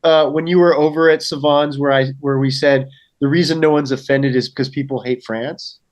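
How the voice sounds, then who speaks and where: A man's voice: a little high, fairly even intonation, a little fast. A man chatting on a podcast as a guest, dropping wry, teasing questions. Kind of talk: casual podcast chat.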